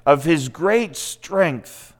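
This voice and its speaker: A man's voice: on the high side, lively intonation, very slow. A man giving a sermon, retelling a scripture story in a conversational way with asides to the listeners. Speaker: preacher.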